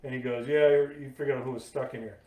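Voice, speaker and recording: A man hosting a casual podcast chat, telling his own stories in a lively way. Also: mid-range voice, fast talker, distant mic. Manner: lively storyteller, acts out quoted voices. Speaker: podcast host. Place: podcast table in a room. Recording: echoey room, voice a bit off-mic.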